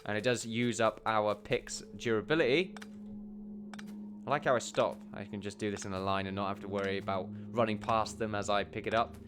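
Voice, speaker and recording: A man's voice: on the low side, steady tone, a little fast. A man giving chatty, rambling let's play commentary at a desk mic, tossing in jokey asides. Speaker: gameplay commentator.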